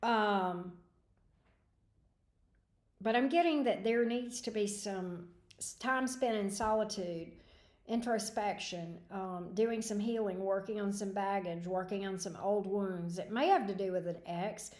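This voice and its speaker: A woman's voice: mid-range voice, a little slow, darkish tone. Woman giving tarot readings in an echoey room. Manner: rambling, hesitant, thinking aloud with many ums. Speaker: tarot reader. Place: home room at a desk.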